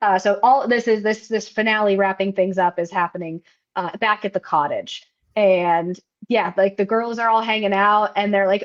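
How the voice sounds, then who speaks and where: A woman co-hosting a casual film podcast, talking in a chatty run with lots of "like" and restarts. Her voice sits at a middle pitch. The recording sounds a little dull and lo-fi. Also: fairly even intonation, normal speed. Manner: chatty, many fillers and restarts. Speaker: podcast co-host. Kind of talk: casual chat recapping a film.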